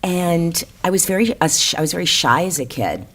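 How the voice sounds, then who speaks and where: A woman's voice: lowish voice, lively intonation, brisk, a bit bright. An older woman from Florida, a guest actress chatting on a podcast, talking freely with lots of restarts. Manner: chatty, many restarts, drops into mimicked voices. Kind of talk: casual podcast chat.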